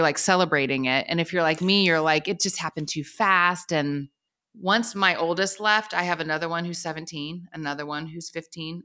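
A woman's voice: fairly low pitch, sharp tone. A woman in her forties, a podcast guest, chatting candidly and laughing often. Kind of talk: casual chat.

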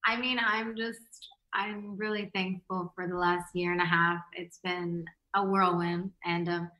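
A woman's voice: fairly low pitch, little pitch movement, unhurried, pushed and bright, echoey room, low-quality recording. A young woman from the US, a pop singer being interviewed, chatting in a bubbly, giggly, rambling way from home. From United States. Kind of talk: casual interview chat. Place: home, remote call.

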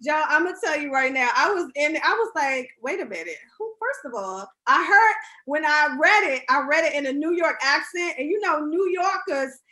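A woman hosting a casual interview over a video call, bubbly and quick to laugh. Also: sits high, sharp tone. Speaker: talk show host.

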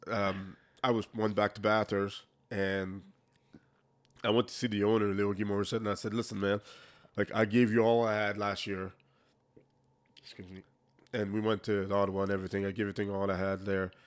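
A man's voice: fairly low pitch, little pitch movement, moderate pace. Man telling candid hockey stories. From Quebec, Canada. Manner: candid, frequent restarts, acts out quoted exchanges. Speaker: former hockey player, guest. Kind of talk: casual interview storytelling.

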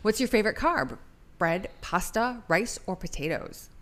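Woman co-host, casual chat, playful and teasing, mid-pitched voice. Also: animated, moderate pace, a bit bright. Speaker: co-host asking quiz questions.

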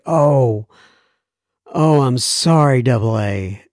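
A man's voice: medium pitch, unhurried, a little mellow, no echo, clean studio sound. A man hosting a podcast, reading listener emails in a casual, earnest way, laughing often and using plenty of fillers. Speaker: podcast host.

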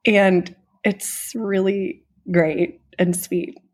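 Casual podcast co-host, a woman, warm-hearted and emotional, with a raspy edge. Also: medium pitch, fairly even intonation, extremely slow. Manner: earnest, emotional storyteller who gushes. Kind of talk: casual conversation retelling a film.

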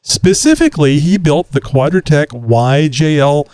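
A man's voice: fairly high pitch, animated, measured pace, darkish tone, smooth, no echo. Rambling casual male podcast host. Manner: rambling with frequent fillers and restarts.

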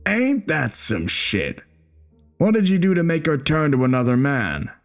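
A man's voice: on the high side, sing-song, measured pace, soft background music. A man playing a bitter, crude older war veteran in a horror story, speaking in a coarse, taunting way.

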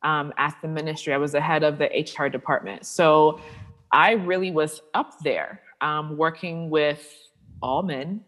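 Her voice sits low and moves at a measured pace as this woman, a sexuality coach, speaks frankly as an interview guest. She tells stories animatedly, voicing the people she quotes.

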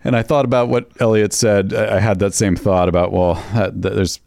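A man chatting as a podcast co-host, low-voiced and meandering, circling back on his thoughts. The sound is dry and close with no room around it. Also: fairly even intonation, a little fast, gravelly, a little mellow, no echo. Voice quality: rambling, hesitant, lots of restarts and fillers. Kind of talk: casual chat.

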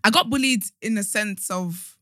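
A woman co-hosting a podcast, chatting casually and reacting quickly. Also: medium pitch, pushed and bright, no room sound, studio quality. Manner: quick reactive interjections and laughter. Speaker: podcast co-host. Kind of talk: casual chat.

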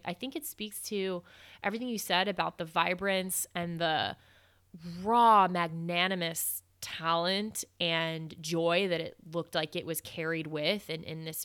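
A woman's voice: lowish voice, smooth. A woman hosting a casual conversation, rambling through her thoughts and laughing easily. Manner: rambling, warm and playful, quick to laugh. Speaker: podcast host.

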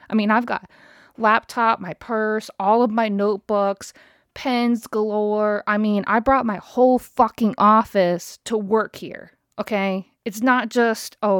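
A woman in the middle of a fired-up rant, cursing freely and sounding thoroughly exasperated. Her voice sits at an ordinary middle pitch and is recorded dry and close, with no room sound around it. She talks like someone venting about her day to a camera. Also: dry recording. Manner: heated, profane, exasperated. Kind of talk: casual angry storytime rant.

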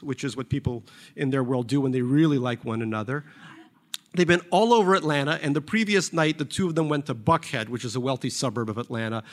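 A man reading a novel aloud, with wry, conversational asides between the passages. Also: a little high. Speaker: reader.

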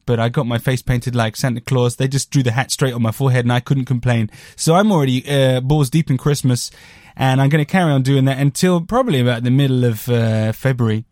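A man's voice: mid-range voice, a little fast, a little mellow, no room sound, clean studio sound. A man hosting a podcast, chatting casually about a record in a rambling, jokey way with crude asides. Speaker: podcast host reviewing a record. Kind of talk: casual chat.

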